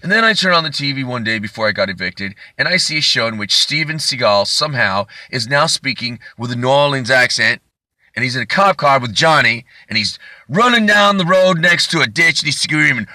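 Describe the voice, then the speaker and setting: A man's voice: mid-range voice, animated, brisk, pushed and bright, no echo, studio quality. A man comedian delivering a rambling, profane, indignant comedic rant.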